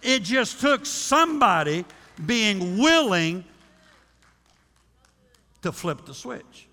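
A male pastor preaches with a high, bright voice that leaps all over its range. He acts out the voices of praying people as he goes. His words ring out with a long reverb from the church hall. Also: big pitch swings, slow pace. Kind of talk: sermon. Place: church sanctuary.

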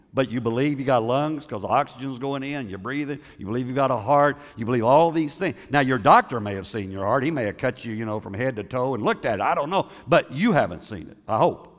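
Man preaching, conversational sermon, repeats words, questions the congregation, medium pitch, long church reverb. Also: expressive, fairly quick, hardly any pauses. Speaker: pastor.

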